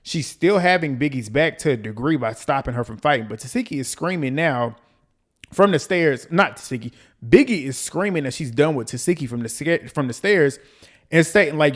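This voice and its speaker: A man hosting a reality TV recap, ranting in a blunt, profane, animated way and repeating lines for emphasis. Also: a little high, moderate pace. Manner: quotes people in mimicking voices. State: out of breath. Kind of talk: casual commentary recap.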